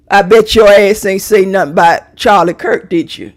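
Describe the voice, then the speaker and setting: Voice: medium pitch, fairly even intonation, moderate pace, few pauses. A middle-aged vlogger ranting to viewers in a brash, profane, theatrical way, straight into a phone or webcam.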